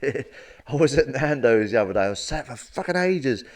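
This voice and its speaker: A middle-aged man telling crude stand-up one-liners. His delivery is blunt and deadpan, at an ordinary pitch, with a lot of swearing between the punchlines. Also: normal speed, far from the mic. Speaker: stand-up comedian.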